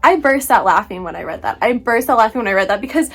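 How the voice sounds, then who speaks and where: A young woman vlogging about a book she just read, talking casually with animated, exaggerated asides and frequent laughter. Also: on the high side, quick pace, slightly rough, soft background music. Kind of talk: casual book review vlog.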